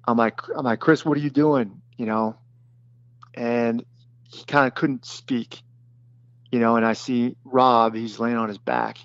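A man who was a detachment commander, recounting a battle in plain, halting speech with many fillers and restarts. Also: mid-range voice, lively intonation, a bit bright, smooth, no room sound, lo-fi sound. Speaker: former special forces detachment commander. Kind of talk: recounting a combat story in an interview.

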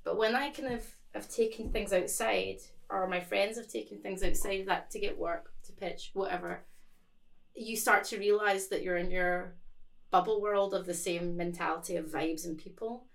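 A woman's voice: mid-range voice, steady tone, moderate pace, gravelly, rough recording. A woman who is a musician and part-time marketing teacher, talking in a chatty, self-mocking way in a casual conversation. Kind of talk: casual chat.

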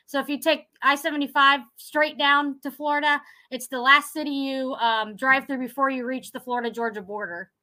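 Here a high, steady, sharp female voice moves at normal speed with hardly any pauses. The speaker is a young Ohio woman, a contest winner, who chats through her story in an excited phone interview, acting out others' words and saying "like" often.

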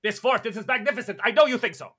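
A man voicing a short, pompous male tyrant who booms and boasts grandly. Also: rapid-fire, bright, forceful tone. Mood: boastful. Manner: booming, boastful, theatrical.

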